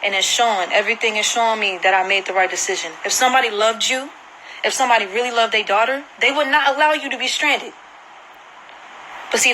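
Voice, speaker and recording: A woman vlogger with a bright, somewhat high voice recounts her experience in an earnest, emotional way. She circles back and repeats phrases to drive her point home. The phone recording carries a faint background hiss. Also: low-quality recording. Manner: earnest, repeats herself for emphasis. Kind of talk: emotional personal account to camera. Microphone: phone screen recording.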